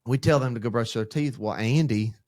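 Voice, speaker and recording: A man with a mid-range voice co-hosts a church podcast as a pastor in training, speaking briskly in a casual faith discussion. He tells rambling, animated stories about his kids, acting out quotes along the way. The recording is dry and studio quality.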